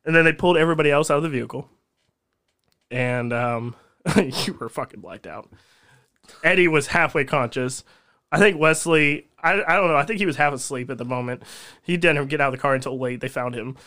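A man's voice: a little high, fairly quick, pushed and bright. Profane man telling a story. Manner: rambling, profane and laughing as he tells stories. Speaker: guest. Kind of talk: casual storytelling on a podcast.

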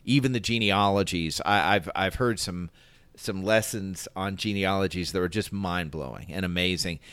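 A man in a casual Bible discussion, animated and quick to laugh, often acting out little quotes. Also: deep voice, smooth, no room sound.

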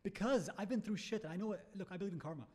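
Fast-talking animated man telling a story. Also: high voice, a crowd in the background. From Bahrain. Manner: animated storyteller, acts out quotes, swears. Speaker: startup founder guest. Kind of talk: casual storytelling chat.

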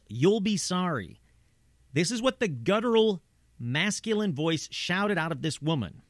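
A male host with a high-sitting, fairly bright voice narrates paranormal stories in a conversational, true-crime style, adding asides and rhetorical questions. The studio sound is clean, with no room sound.

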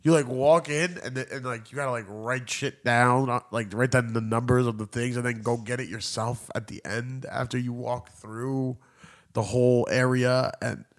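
A young man, co-hosting a casual chat and slipping in deadpan made-up stories. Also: medium pitch, moderate pace. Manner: joking, deadpan tall tales. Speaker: podcast co-host.

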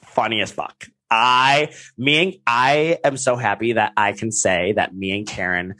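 A man's voice: fairly low pitch, unhurried, dry recording. Young man gushing in casual podcast chat. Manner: excited storytelling, quotes others, swears freely. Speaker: podcast co-host.

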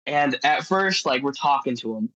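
A man appears as a podcast guest, rambling casually through adventure stories and leaning hard on "like" as filler, an animated storyteller. His voice is mid-range at a normal speed. The recording has no echo but the highs are cut off.

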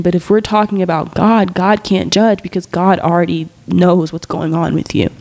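A woman speaks in a low, earnest voice, sharing a reflective personal monologue as a podcast host. Her delivery is heartfelt and unhurried, and at times she sinks into a soft whisper.

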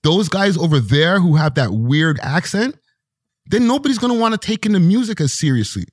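Guy on a podcast, high voice, gets loud and emphatic, dry mic. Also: a little fast, dry recording. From Toronto, Canada. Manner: emphatic, animated, slangy storytelling. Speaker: podcast guest. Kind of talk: casual podcast conversation.

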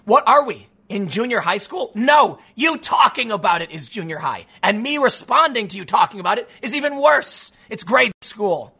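A man with a high, bright voice delivers sarcastic commentary. He is mocking and animated and laughs often. His voice is going hoarse. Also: normal speed, few pauses. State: losing his voice. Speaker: political commentary host.

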